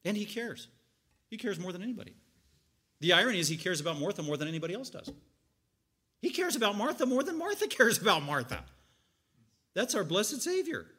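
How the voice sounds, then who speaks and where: Animated high-voiced male preacher. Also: fast, pauses often, slightly rough. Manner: animated, acts out voices, rising to loud outbursts. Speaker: pastor. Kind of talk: expository sermon.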